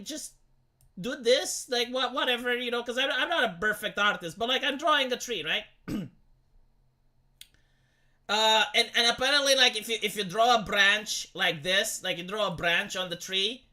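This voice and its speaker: A young woman live streamer rants in casual chat, exasperated and profane, rambling and frequently starting over. Her voice is fairly high with a sharp tone.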